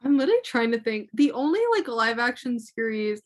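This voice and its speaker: A woman's voice: on the high side, lively intonation, a little fast. A young woman co-hosting a podcast in casual chat, playful and self-deprecating. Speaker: podcast co-host.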